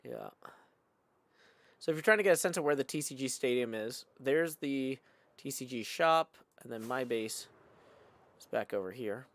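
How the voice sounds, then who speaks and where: A man's voice: medium pitch, lively intonation, normal speed, pauses often, fairly bright tone, no room sound. A man hosting a live game stream, chatting casually and reading viewer messages aloud.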